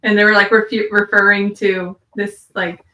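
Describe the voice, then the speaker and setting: A woman's voice: medium pitch, level tone, moderate pace, bright, forceful tone, roomy sound, poor audio. A woman co-hosting a podcast in casual chat, chatty and trailing off with lots of fillers. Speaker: podcast co-host.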